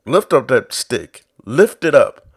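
In a slow, sing-song, slightly rough voice, a man delivers a sermon that opens low and quiet. It swells into loud exhortation, with recurring refrains and biblical voices acted out.

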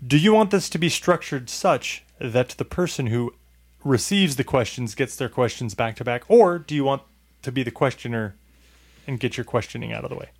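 A man's voice: medium pitch, expressive, normal speed. A man hosting a casual podcast, teasing his co-host and explaining the rules of a game.

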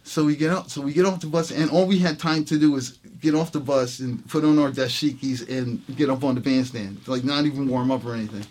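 A man who plays trumpet, telling a story in a relaxed interview, talking in animated bursts with many restarts and acted-out quotes. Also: mid-range voice, fairly quick, hardly any pauses. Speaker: guest musician, trumpet player. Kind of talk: storytelling in a conversation.

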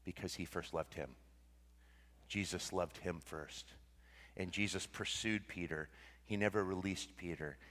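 A man's voice: low voice, unhurried, long pauses. Preaching man in an echoing hall. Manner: animated preaching, swinging between excited and hushed. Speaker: pastor. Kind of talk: sermon.

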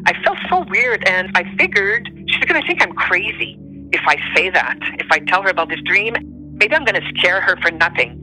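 A woman's voice: on the low side, normal speed, faint music behind, poor audio. A woman from Montreal, a native French speaker with a Quebec French accent, telling a personal story with emotion. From Montreal, Canada. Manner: emotional, animated, voice rising on quoted speech. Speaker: storyteller guest.

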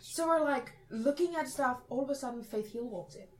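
A woman's voice: high-pitched, fairly quick, rough recording. A young woman chatting casually, telling a funny story and quoting people. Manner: chatty storytelling with quoted voices. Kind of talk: casual chat.

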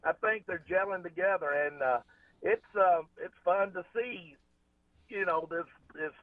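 A man's voice: high-pitched, unhurried, dry recording. A man calling in to a radio show, talking in a rambling, folksy way. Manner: rambling, folksy, restarts often. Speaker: caller. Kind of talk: casual call-in chat. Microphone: phone. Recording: tinny phone line.

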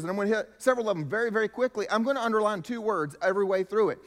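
High-voiced male preacher in a reverberant hall. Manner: preaching with emphatic rises and drops in volume. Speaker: pastor. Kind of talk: sermon.

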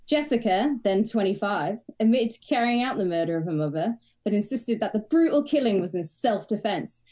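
An English woman co-hosting a comedy podcast, relaxed and chatty. She talks in a frank, wry manner with plenty of swearing and easy laughs. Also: medium pitch, a little fast. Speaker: podcast co-host. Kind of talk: casual comedic chat.

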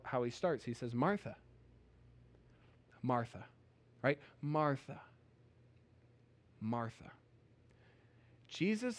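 Conversational male pastor. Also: on the high side. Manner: storytelling, conversational, emphatic. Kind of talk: sermon.

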